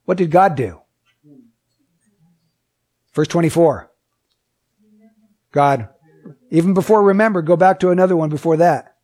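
A man's voice: a little high, unhurried, long pauses, a little mellow. A man preaching a sermon. He reads scripture aloud, asks the listeners many questions, and repeats his points with emphasis. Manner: emphatic and repetitive.

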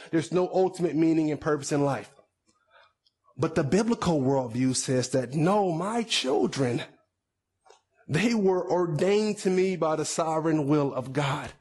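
Man in the pulpit, somewhat high voice, chatty sermon with side notes. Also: darkish tone. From United States. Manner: conversational preaching with repetitions and asides. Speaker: pastor.

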